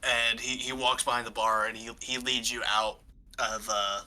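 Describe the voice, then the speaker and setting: A man's voice: medium pitch, level tone, normal speed, crowd noise. A man running a tabletop game as game master, describing scenes in a loose, rambling way full of "like" and restarts.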